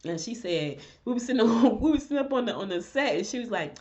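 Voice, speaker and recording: A woman's voice: fairly high pitch, fast talker. Chatty woman, Southern-Northern US mix accent. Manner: animated storyteller, chatty and direct. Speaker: host. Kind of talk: casual chat and horoscope reading. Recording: dull lo-fi recording.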